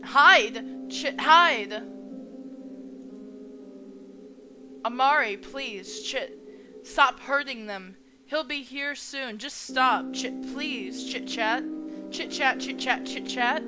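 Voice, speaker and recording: A woman's voice: sits high, slow pace, over music, pitched above the performer's own voice. A woman voicing a jittery, hungry talking pet bird that chatters and speaks in a folksy drawl. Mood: frantic.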